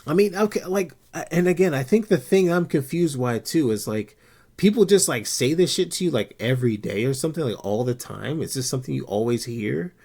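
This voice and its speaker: A man's voice: mid-range voice, lively intonation, fairly quick, a little mellow. A male streamer talking casually and bluntly to his chat, swearing often and getting worked up.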